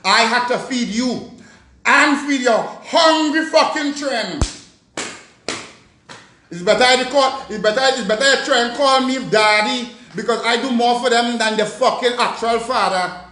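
A woman's voice: a little high, unhurried, a bit bright, roomy sound, a little hiss or hum. A Jamaican woman delivering a profane, taunting rant aimed at someone, scolding her directly. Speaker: vlogger. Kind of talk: angry social media rant.

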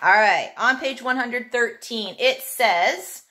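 A woman teacher giving a young pupil a remote phonics and handwriting lesson, speaking clearly and encouragingly with drawn-out vowel sounds. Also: a little high, bright, forceful tone.

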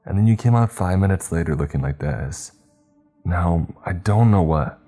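A man voicing a wary young woman who works at a tech store, keeping her tone calm and guarded. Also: deep voice, normal speed, soft background music. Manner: guarded, trying to sound calm.

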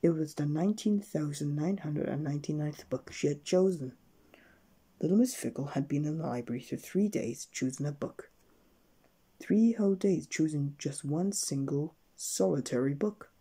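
A man gently reading a children's bedtime story aloud at an unhurried pace. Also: fairly high pitch, slightly rough.

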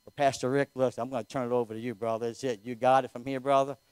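A fervent man leads a church offering and prayer. His voice sits at an ordinary pitch and sounds dry and close to the mic. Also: little pitch movement, quick pace, darkish tone, clean tone, dry recording. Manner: fervent, repeats amen often. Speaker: local pastor. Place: church sanctuary.

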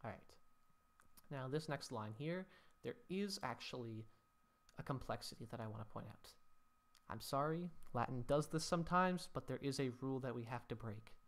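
A man's voice: medium pitch, expressive, normal speed, a bit bright. A man teaching Latin poetry scansion, thinking aloud as he works through each line, with mock-dramatic sighs at the rule-breaking.

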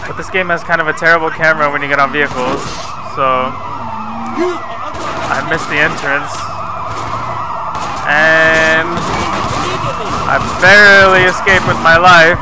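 Over his own gameplay footage, a young gameplay video host jokes profanely and teases the on-screen characters. His voice is on the high side and steady in tone, and he talks unhurriedly with long pauses, while background noise runs beneath.

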